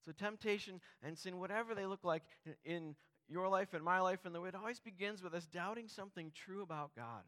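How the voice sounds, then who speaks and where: Male pastor, sermon. Voice sits a bit high, earnest, conversational, asks the listeners questions. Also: quick pace, a bit bright.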